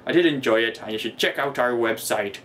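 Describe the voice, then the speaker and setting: Man doing a blustering amateur pirate, weak put-on pirate accent, rambling, stray growls, self-mocking, in-character gadget review, middling pitch, faint hiss. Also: a little fast, a bit bright, natural voice. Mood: bluff. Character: bumbling self-styled male pirate captain, boastful. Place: his own room, indoors.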